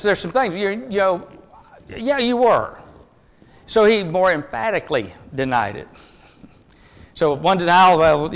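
Male preacher, fairly high voice, earnest and emphatic, long reverb behind him. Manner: earnest, emphatic, swings between loud and hushed. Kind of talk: sermon.

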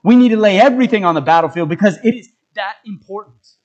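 A man delivers a sermon in a notably high voice. He talks earnestly and exhorts his listeners with a run of rhetorical questions. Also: quick pace, a little mellow, muffled recording. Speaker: preacher.

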